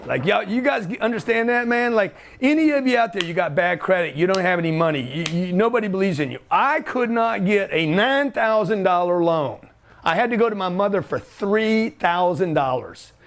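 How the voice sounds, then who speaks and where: Brief: middle-aged host, high-pitched, brash, joking, slangy. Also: male voice, expressive, normal speed, a little hiss or hum. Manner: loud, joking, pushy, slangy. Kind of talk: energetic office talk to camera.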